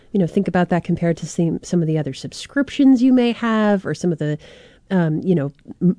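A woman's voice: medium pitch, warm tone, no room sound. A woman hosting a radio pledge drive, speaking casually and conversationally. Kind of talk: on-air fundraising appeal.

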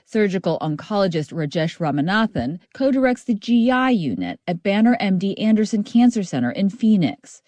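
A woman radio correspondent reading a scripted news report in a measured, expressive way. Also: medium pitch, no echo.

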